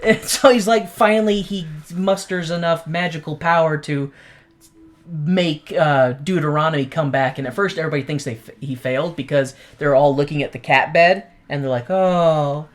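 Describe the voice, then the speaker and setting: This is a casual podcast co-host who retells a film scene by scene. The delivery is animated and salted with curses, and the speaker drops into brief quoted voices before snapping back to plain chat. The pitch sits in a middling range. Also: normal speed.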